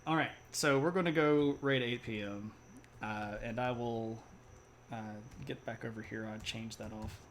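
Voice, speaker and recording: A man's voice: mid-range voice, fairly even intonation, unhurried, a little hiss or hum. A man hosting a casual history live stream, chatty and laughing often, with plenty of fillers. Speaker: teacher.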